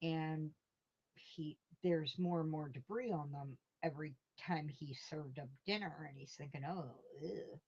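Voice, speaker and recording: A woman's voice: low voice, unhurried, a little mellow, husky. A woman hosting a casual live stream from home, rambling through stories and answering her chat with chuckles. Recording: dull lo-fi stream audio.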